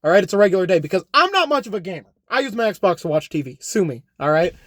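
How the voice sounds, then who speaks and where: A young man with a high, springy voice rants his way through a comedic home vlog. He rambles, cracks jokes at himself and keeps checking in with the viewer, all close and dry with no room sound. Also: big pitch swings, fast, dry recording. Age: young adult. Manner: rambling, jokey, self-correcting, repeats "all right?". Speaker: YouTuber. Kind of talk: unscripted comedic vlog rant.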